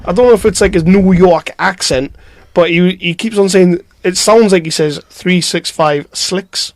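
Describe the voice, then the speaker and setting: A man's voice: high voice, normal speed, darkish tone. A man hosting a film podcast, reading out listener questions in a jokey, rambling way. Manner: jokey and rambling, laughs often. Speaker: podcast host. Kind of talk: casual chat.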